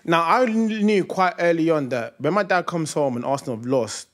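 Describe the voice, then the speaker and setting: A man's voice: fairly high pitch, expressive, fairly quick, a little hiss or hum. A young man with a London accent, telling a funny story to his friends on a podcast and laughing through it. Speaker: podcast co-host. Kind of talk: comedic storytelling.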